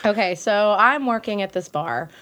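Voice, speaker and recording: A woman talks in a lively, swooping voice, giggling between phrases. She recalls her old bar job in loose, filler-heavy casual chat. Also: mid-range voice, normal speed. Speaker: guest recalling bar work.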